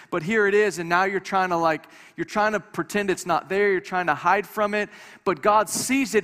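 A long hall reverb surrounds this pastor's fairly high, somewhat bright voice as he preaches before a congregation in a church hall. He talks conversationally with light humor, often restarting and repeating himself.

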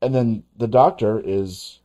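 A man co-hosting a casual film review chat, talking in halting bursts with many restarts. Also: fairly low pitch, mellow. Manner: halting, many restarts and fillers, laughs as he talks. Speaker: podcast co-host.

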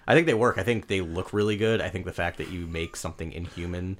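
A man with a very low voice who talks quickly and eagerly as a podcast co-host. His casual chat is full of fan enthusiasm.

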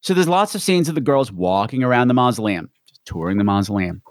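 A man's voice: mid-range voice, animated, fast talker, no echo, clean studio sound. Campy man hosting a podcast. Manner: campy and theatrical. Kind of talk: casual chat.

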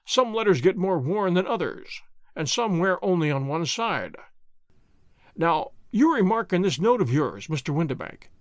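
A man reading an audiobook, voicing a calm, confident male detective who speaks in a measured, suave, lecturing way. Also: high-pitched, no echo, clean studio sound.

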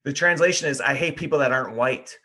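Podcast co-host, male, mid-range pitch, teasing and dry in casual banter. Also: fast talker, pushed and bright.

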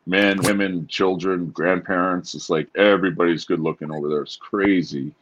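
A man's voice: low voice, steady tone, normal speed, fairly bright tone, highs cut off. A man from Canada in his forties, a former hockey player telling stories as a guest in a laid-back, easygoing way. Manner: laid-back, storytelling, says dude. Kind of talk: casual interview chat.

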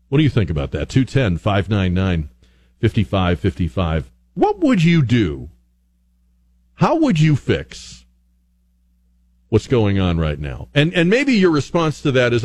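A man's voice: medium pitch, measured pace. A man hosting a talk radio show, delivering an opinionated monologue full of rhetorical questions. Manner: argumentative, rhetorical questions, animated.

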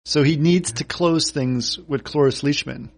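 A man's voice: fairly high pitch, a little slow. A man co-hosting a casual film podcast, adding details and behind-the-scenes trivia. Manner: chimes in with details and trivia, laughs easily. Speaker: podcast co-host.

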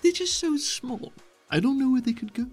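A man's voice: very high voice, animated, moderate pace, darkish tone, breathy edge, soft background music, voice pushed up, exaggerated voice. A man voicing a fussy, squeamish man who frets and recoils in disgust.

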